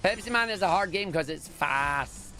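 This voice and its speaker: A Scottish man streaming a speedrun, talking casually with jokes and sudden excited exclamations. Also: sits high, normal speed. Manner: excitable, jokey, bursts into loud exclamations. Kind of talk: casual live-stream commentary. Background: game music.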